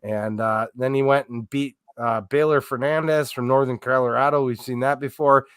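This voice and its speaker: A man co-hosting a relaxed sports podcast. He rambles through his stories with plenty of fillers and false starts. His voice sits at an ordinary pitch, and it is recorded dry and close with no room sound. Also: normal speed, smooth, no room sound. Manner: rambling storyteller, lots of fillers and restarts. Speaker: podcast co-host. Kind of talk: casual sports chat.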